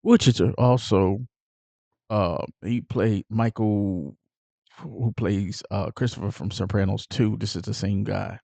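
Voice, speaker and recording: A man casually recapping a mob movie, rambling with fillers and acting out the characters' lines in a lively way. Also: lowish voice, a little slow, gravelly, dry recording. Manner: animated retelling with acted-out quotes. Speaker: movie reviewer.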